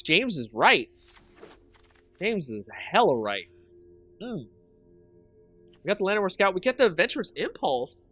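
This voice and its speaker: A man hosting a stream, commenting casually on his game picks and talking with chat, excitable and quick to laugh. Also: high voice, no echo. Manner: excitable, chatty, thinks aloud and laughs a lot. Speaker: streamer and channel host.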